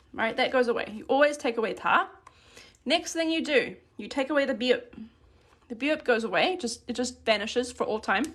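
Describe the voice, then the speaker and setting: A woman's voice: high voice, fairly bright tone. A woman teaching Korean grammar in a live-streamed lesson, explaining step by step in a friendly way and thanking viewers by name.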